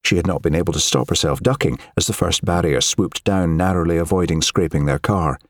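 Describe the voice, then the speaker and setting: Deep-voiced male audiobook narrator. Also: fairly quick, no echo, clean studio sound. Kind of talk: scripted narration.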